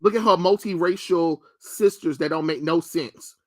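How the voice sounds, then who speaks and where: A man's voice: on the high side, moderate pace, over loud music. A young man streaming live, reacting to trailers with blunt, mocking, profane rants. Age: young adult.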